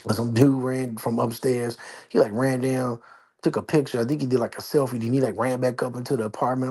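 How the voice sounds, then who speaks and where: A man's voice: medium pitch, fairly even intonation, a little fast, a little mellow, breathy edge. A man chatting casually on a livestream from his apartment, rambling and slangy while keeping his voice down. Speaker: livestream host. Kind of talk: casual live-stream chat. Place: at home, apartment.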